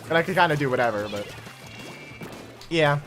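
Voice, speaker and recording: Young male streamer, bright tense voice, lively pitch, faint game music behind. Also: normal speed. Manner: animated, chatty, talks to chat. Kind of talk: casual live-stream chat while gaming.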